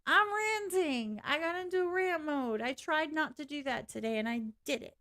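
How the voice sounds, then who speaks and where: A woman's voice: sits high, normal speed, sharp tone. Blunt, chatty woman ranting on stream. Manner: candid, blunt, swears freely, laughs often. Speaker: live streamer. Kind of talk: casual ranting livestream chat.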